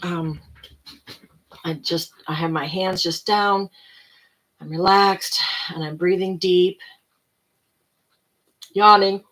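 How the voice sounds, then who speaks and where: A tired woman giving casual self-help talk, rambling and relaxed, now and then dropping to soft whispered breathing cues. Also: lowish voice, slow pace, pauses often, low-quality recording.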